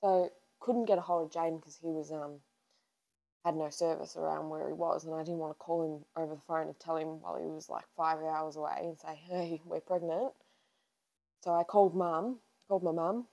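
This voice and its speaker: A woman's voice: low voice, fairly even intonation, moderate pace, gravelly, mellow, rough recording. A woman in her twenties, co-hosting a podcast in casual chat and telling a personal story in a chatty way, acting out her own past lines. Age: 20s. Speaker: podcast co-host.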